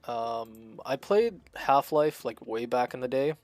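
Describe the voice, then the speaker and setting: A man streaming a strategy game, chatting casually and thinking out loud as he plays, with frequent fillers and restarts. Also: mid-range voice, lively intonation, slow pace, no echo. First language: Russian. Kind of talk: casual gameplay commentary.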